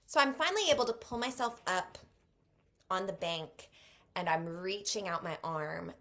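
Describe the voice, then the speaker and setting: Interview guest, woman in her thirties, slightly low voice, vivid emotional storytelling, softens and slows at tender moments. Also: expressive. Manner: vivid retelling, speaks softly and slows at moving moments. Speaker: author guest.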